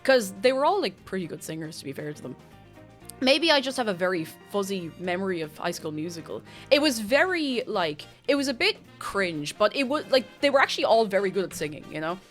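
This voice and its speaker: A young adult woman chatting casually on a live stream. She talks to her viewers in an animated way, stops and restarts her sentences, and stays close to her desk mic. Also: mid-range voice, brisk, soft background music. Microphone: desk microphone.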